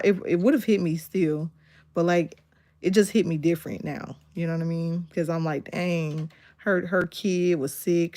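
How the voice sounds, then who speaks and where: A woman, chatting casually on a livestream and retelling a movie with lively acted-out quotes. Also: sits low, no echo. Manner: animated storytelling, acts out quotes with laughter. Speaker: livestream host.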